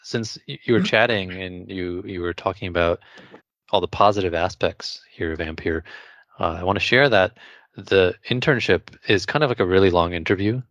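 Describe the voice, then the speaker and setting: Low-voiced male host, dry and slightly muffled sound. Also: moderate pace, fairly bright tone, dry recording. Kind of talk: casual podcast chat.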